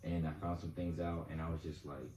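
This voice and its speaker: A man's voice: very deep voice, flat delivery, a little fast, warm tone, roomy sound, distant mic, low-quality recording. A man hosting a casual, heartfelt interview, talking loosely with many fillers. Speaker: host.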